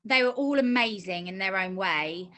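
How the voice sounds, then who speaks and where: A woman's voice: mid-range voice, animated, normal speed, bright, forceful tone. A middle-aged woman being interviewed about a course she finished, talking earnestly and at length, often restarting her sentences. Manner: earnest, talkative storytelling with many restarts. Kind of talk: casual interview.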